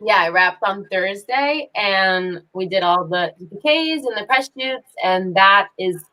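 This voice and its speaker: A woman actress chatting on a video call, animated and laughing often as she talks about her work. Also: mid-range voice, a little slow, poor audio. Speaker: actress guest. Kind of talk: casual video call chat.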